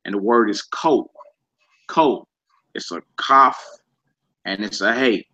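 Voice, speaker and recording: A man leads a relaxed Hebrew vocabulary lesson, saying each word over and over and spelling it letter by letter. He talks at an unhurried, deliberate pace. The recording sounds dull and lo-fi. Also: lowish voice. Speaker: Hebrew teacher.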